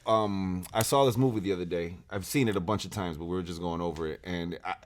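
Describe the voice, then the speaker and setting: A man's voice: low-pitched, fast. A man hosting a podcast in casual chat, laid-back and profane, keen when he talks movies. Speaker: podcast host.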